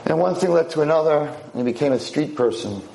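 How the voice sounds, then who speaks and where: A man's voice: fairly high pitch, fast, vocal fry, dark tone, reverberant, slight background noise. A man giving a lecture to a class of girls, telling a dramatic story and acting out its characters.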